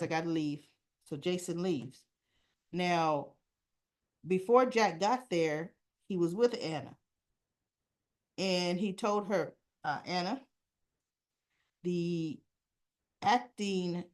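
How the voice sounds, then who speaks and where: A woman hosting a casual soap opera recap, chatting and acting out the characters' lines with asides. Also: fairly low pitch.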